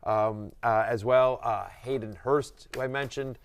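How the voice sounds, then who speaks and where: A man's voice: mid-range voice, fairly even intonation, a little slow. A man hosting a casual fantasy football show, talking in loose, rambling runs with many restarts and fillers. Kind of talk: casual sports chat.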